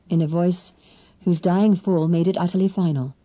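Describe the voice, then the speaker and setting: A woman reading a novel aloud in measured, expressive first-person narration. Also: on the low side, dry recording, muffled recording. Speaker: audiobook narrator.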